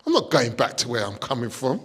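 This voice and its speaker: A man doing a stand-up comedy set, deadpan setups with loud high punchlines. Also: brisk. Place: stage before a live audience.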